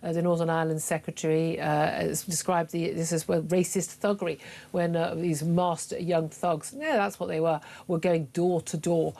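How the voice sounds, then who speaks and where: A woman's voice: lowish voice, fairly even intonation, moderate pace, vocal fry, mellow. A middle-aged woman hosting a talk radio show, forthright and emphatic, with frequent fillers. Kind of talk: opinionated talk radio monologue.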